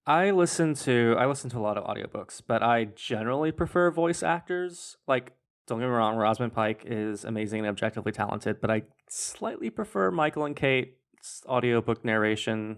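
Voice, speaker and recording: A podcast co-host chatting casually about audiobooks, quick to drop a joke. The voice sits at a middle pitch. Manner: jokey, quick asides. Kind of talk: casual chat.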